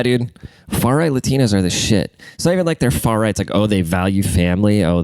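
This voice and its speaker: Here a young podcast host rants alone in a low, clean-toned voice that sounds congested. He's crude and rambling, swinging from loud to muttered, and the recording is dry.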